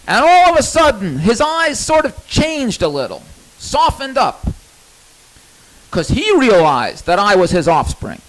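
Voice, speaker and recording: A man's voice: high voice, huge pitch swings, unhurried, fairly bright tone, rough recording. A man telling a personal story in a candid, rambling monologue, cursing freely.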